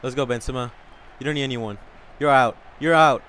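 A man commenting on a video game he is playing. He talks in an excitable way, yells a lot and swears often. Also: medium pitch, a little fast, slight background noise. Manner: excitable, yelling and cursing a lot. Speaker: gaming channel host.

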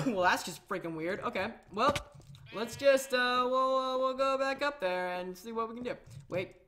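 A woman's voice: on the high side, moderate pace, noisy background. A woman hosting a casual gameplay video, chatting in a rambling, self-mocking way. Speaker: Minecraft let's-play host.

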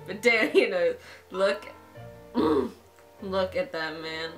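A young woman hosting a casual let's-play, fangirling over the characters with excitable, crude, profane commentary. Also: lowish voice, slow pace, long pauses. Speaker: gaming channel host. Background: game music.

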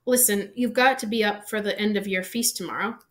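A woman's voice: medium pitch, fairly even intonation, fairly quick, natural voice. A woman voicing a loyal, cheeky young boy who talks casually and eagerly.

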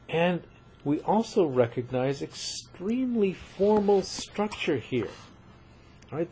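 A man's voice: medium pitch, darkish tone, slight background noise. An older man giving a recorded lecture on poetry, explaining step by step and often checking in with "right?".

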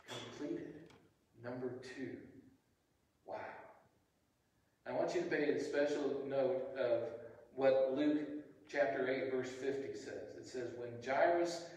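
A pastor with a medium-pitched, slightly mellow voice preaches a sermon, telling the story conversationally and restarting often. The recording sounds echoey, made in a hall with a distant mic.

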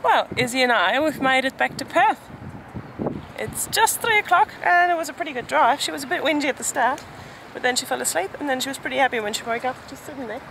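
A woman's voice: high voice, lively intonation, fast talker, background noise. A young woman chatting casually to camera as a travel vlogger, upbeat and laughing often, sometimes talking to her toddler, recorded outdoors on a handheld camera. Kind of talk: casual travel vlog chat. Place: outdoors at a beach and a busy reptile park.

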